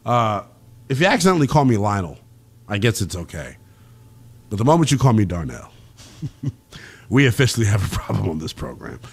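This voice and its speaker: A man's voice: fairly low pitch, very animated, moderate pace, creaky, long pauses, breathy edge. A man hosting a call-in sports radio show, talking bluntly in loose slang.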